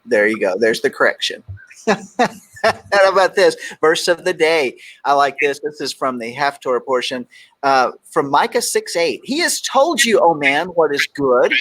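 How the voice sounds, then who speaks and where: A man's voice: a little high, lively intonation, measured pace, fairly bright tone. A middle-aged man from Texas hosting a talk show, joking around and reading quotes aloud with emphasis. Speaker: radio show host. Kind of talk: casual talk show banter.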